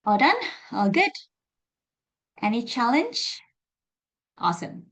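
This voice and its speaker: A woman's voice: a little high, sing-song, slow. A woman on a video call running a segment of a speaking club meeting, leading a vote and introducing the next speaker with upbeat, ceremonious phrasing. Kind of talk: hosting a segment of an online meeting.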